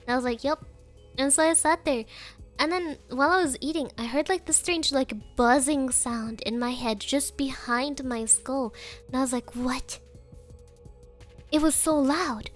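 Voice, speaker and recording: A woman's voice: sits high, normal speed, faint music behind. A young woman chatting casually on a stream, giggling often and coaxing her dog.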